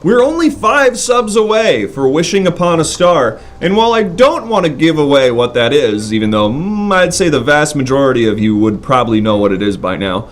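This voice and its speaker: A man hosting a live comedy stream, playful and bantering as he needles his guest. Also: a little high. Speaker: host.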